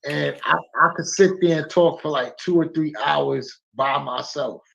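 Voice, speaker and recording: Gravelly guest voice on a muffled call. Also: mid-range voice, measured pace, noisy background. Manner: laid-back, agreeable, slangy. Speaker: guest streamer. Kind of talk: casual livestream chat.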